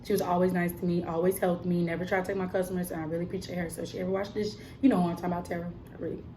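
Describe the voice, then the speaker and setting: A young woman telling a story in a casual, animated vlog style, emphatic and full of fillers. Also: lowish voice, racing, a little hiss or hum. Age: young adult. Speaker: vlogger and cosmetics counter worker.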